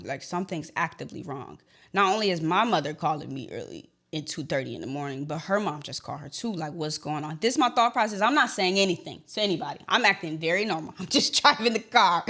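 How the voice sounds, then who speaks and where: A young woman with a slightly low voice hosts a podcast and tells a personal story. Her delivery is animated: she acts out the conversations and turns to address her listeners directly, as if talking to friends. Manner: animated, reenacts dialogue, addresses listeners as y'all. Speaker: podcast host.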